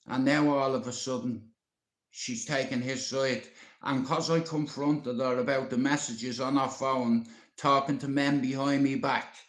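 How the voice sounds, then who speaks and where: Irish guy ranting on a live stream, upset and swearing, middle pitch, roomy echo. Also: steady tone, unhurried. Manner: upset, rambling, swears often, addresses a friend. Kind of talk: emotional live-stream rant. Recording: echoey roomy sound.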